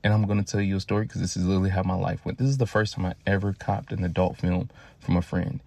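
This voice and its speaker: Gravelly low-voiced man telling stories. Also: fast talker, no echo. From Louisiana, US. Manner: profane, animated, addresses listeners directly. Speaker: podcast host. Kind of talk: casual storytelling monologue.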